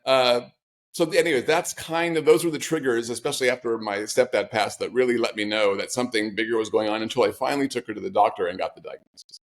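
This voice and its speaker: A man's voice: medium pitch, fast. A man, the author guest in an interview, telling personal stories in a reflective, conversational way with flashes of wry humor.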